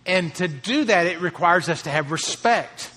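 A man's voice: high voice, lively intonation, normal speed, bright, forceful tone, in a large hall. A man preaching a sermon as a pastor, earnest, lifting his voice to stress key phrases.

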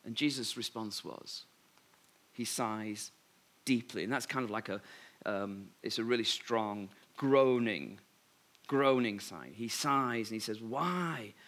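A man preaching a sermon, retelling scripture with lively humour and playful asides. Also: on the low side, unhurried. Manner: lively storytelling with humorous asides.

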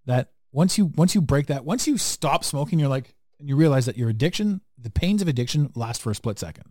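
A man's voice: mid-range voice, expressive, fairly quick, mellow, no echo, studio quality. A man hosting a casual podcast conversation, talking bluntly and emphatically and swearing freely. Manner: blunt, profane, emphatic and preachy. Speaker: podcast host.

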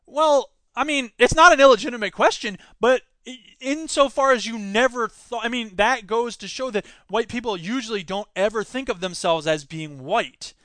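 A man hosts his own podcast, riffing in an animated, sarcastic way. His voice sits high and sounds bright and crisp. The room is dry, with no echo. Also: normal speed, hardly any pauses. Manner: animated, sarcastic, mocks others in put-on voices. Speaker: podcast host. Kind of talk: solo political commentary podcast.

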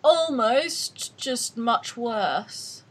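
A woman's voice: fairly high pitch, lively intonation, extremely slow, fairly bright tone, breathy edge. Blunt Australian woman hosting a podcast. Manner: blunt and opinionated, laughs often. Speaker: podcast host. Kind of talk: casual chat.

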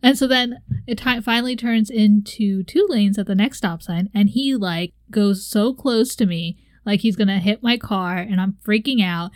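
A woman's voice: medium pitch, normal speed, hardly any pauses, darkish tone, no room sound. A young woman co-hosting a casual chat, telling a story animatedly and acting out her own reactions with laughs. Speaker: podcast co-host.

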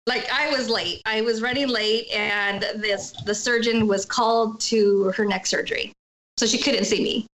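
A woman's voice: on the high side, bright, forceful tone, poor audio. A middle-aged woman candidly telling a personal story as an interview guest, acting out what others said in emotional retellings. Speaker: guest sharing her story.

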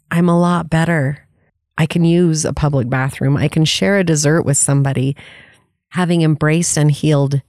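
A woman's voice: deep voice, dark tone, dry recording, clean studio sound. A woman life coach giving an earnest, candid motivational talk, laughing often and swearing casually.

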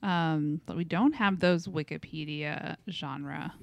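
A woman's voice: low-pitched, takes it slowly, creaky, no echo, highs cut off. Co-host wanita, suara sedang, santai dan mudah tertawa, rekaman kering. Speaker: podcast co-host. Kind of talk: casual chat.

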